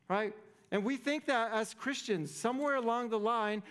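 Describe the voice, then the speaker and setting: A man's voice: extremely high pitch, moderate pace, a bit bright, clean tone. A man preaching a sermon as pastor, conversational and playful, often checking in with the congregation. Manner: conversational, playful, keeps asking "right?".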